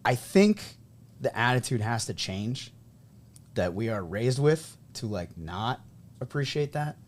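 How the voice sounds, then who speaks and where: Animated man telling stories, podcast host. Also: mid-range voice, measured pace. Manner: animated storyteller, acts out quoted people. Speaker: podcast host and high school coach. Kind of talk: casual podcast conversation.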